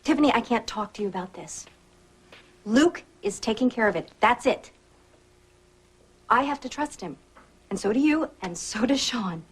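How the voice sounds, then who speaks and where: An anxious, loving wife. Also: female voice, a little high, animated, normal speed, pauses often, breathy edge, poor audio. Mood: pleading. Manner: emotional and pleading, soft when tender. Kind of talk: soap opera acting.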